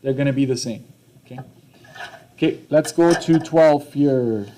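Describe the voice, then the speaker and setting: A young male math teacher walking a classroom through problems, his voice mellow and dark in tone. He talks conversationally, repeats himself and keeps checking in with his students. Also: medium pitch, a little slow, a little hiss or hum. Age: young adult. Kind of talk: classroom lesson walkthrough.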